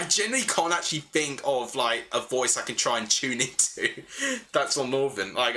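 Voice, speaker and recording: A young man with a bright, forward voice hosts a live football watchalong. He calls the action as it happens and answers viewers' chat in between, thinking out loud as he talks. His pitch sits in the middle of the male range. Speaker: livestream host.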